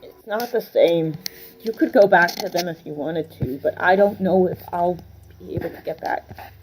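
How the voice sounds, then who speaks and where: A woman's voice: fairly low pitch, darkish tone, soft background music, natural voice, low-quality recording. A woman voicing a troubled, protective young man. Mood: bitter. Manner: anxious, earnest, halting.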